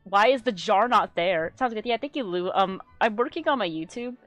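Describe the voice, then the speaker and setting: A woman chatting casually on a live stream, rambling and excitable, swearing freely and getting loud when worked up. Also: medium pitch, normal speed, no room sound, soft background music. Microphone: desk microphone she adjusts.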